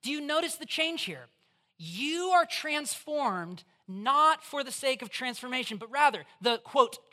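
A preacher giving a conversational, animated sermon in church, putting questions straight to the listeners. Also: sits high, measured pace. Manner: acts out voices in quotes.

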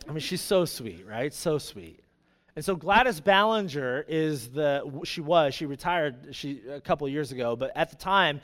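A young man preaching a sermon, telling a personal story in an animated way with many asides. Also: medium pitch, long reverb tail.

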